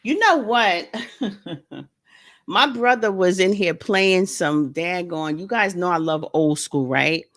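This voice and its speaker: A woman's voice: fairly low pitch, takes it slowly, fairly bright tone. A woman hosting a casual livestream from home, chatting with viewers, greeting them by name and joking around. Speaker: livestream host and author. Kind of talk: casual live-stream chat.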